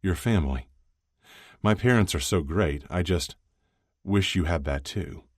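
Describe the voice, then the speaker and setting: A cheerful, teasing young hockey player, as a man reads him out in a storybook reading. The voice is extremely deep and low, recorded close and dry. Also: a little slow, dry recording. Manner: teasing, laughing easily.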